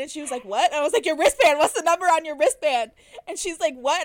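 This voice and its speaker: High-voiced young woman, playful storyteller. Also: animated, quick pace. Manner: playful, dramatic, acts out quotes. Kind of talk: casual storytelling chat.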